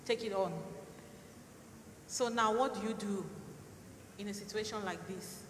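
A woman with a medium-pitched voice asks a question from the floor, hesitant and halting at first. The room echoes around her with a long reverb, and clear ambience sits behind her voice. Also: background noise. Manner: hesitant, with fillers and restarts. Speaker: audience member asking a question.

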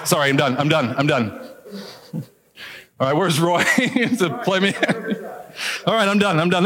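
A man preaching a sermon as pastor, lively, joking aside now and then and drawing out key words for emphasis. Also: on the high side. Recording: long hall reverb.

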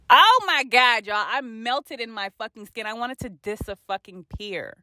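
A woman in her twenties hosting a podcast, telling a candid personal story in a blunt, profane, animated way. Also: a little high, a little slow, hardly any pauses, no echo, studio quality. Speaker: podcast host.

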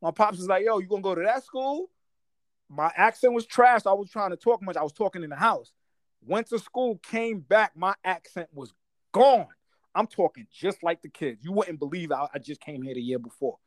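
A man in his forties from Guyana, telling stories in a casual chat, animated and laughing, full of street slang. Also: high voice, moderate pace, dry recording.

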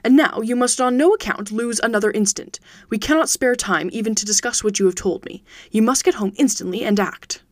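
A woman voicing a brisk, commanding male detective who speaks urgently and insistently. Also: fairly high pitch, no echo, studio quality, close to an everyday voice.

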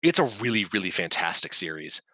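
A man's voice: sits low, sing-song, fairly quick, pushed and bright, dry recording. A young man co-hosting a casual movie podcast, blunt and opinionated, swearing freely. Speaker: podcast co-host. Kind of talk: casual movie-recap chat.

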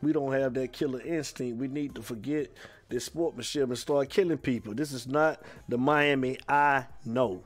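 A man's voice: mid-range voice, steady tone, normal speed. A man hosting a sports talk show, taking calls and reading messages in a loose, streetwise manner, saying "man" over and over.

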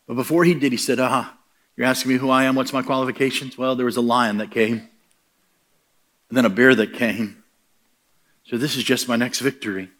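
A man's voice: medium pitch, fairly even intonation, brisk, long pauses, fairly bright tone. A middle-aged man preaching a sermon, telling stories and acting out the voices he quotes, building to emphatic punchlines.

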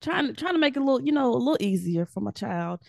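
A woman guest on a faith podcast, chatting casually and telling her story with animated energy and frequent laughs. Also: high-pitched, fast talker, gravelly, a crowd in the background. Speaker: guest, devotional author.

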